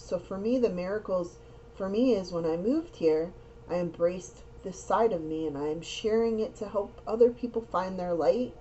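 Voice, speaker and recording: A young woman gives a casual tarot reading, talking earnestly and at length and circling back to repeat her words. Her voice is mellow and warm rather than bright. The recording sounds dull and lo-fi, with a faint hiss underneath. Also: on the low side. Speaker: tarot reader. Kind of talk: casual spiritual card reading.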